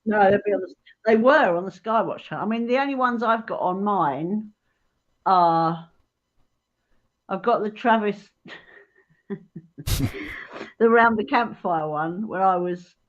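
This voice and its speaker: Bubbly woman on dull audio. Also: mid-range voice. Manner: bubbly, teasing, quick to laugh. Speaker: guest. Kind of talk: casual live chat.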